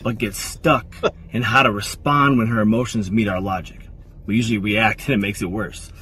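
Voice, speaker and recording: In a recorded clip, a relationship coach with a fairly low, sharp voice delivers an instructional monologue at a moderate pace and with fairly even intonation. His advice is firm and didactic, and he acts out quoted lines. The sound is slightly distant, with faint background noise.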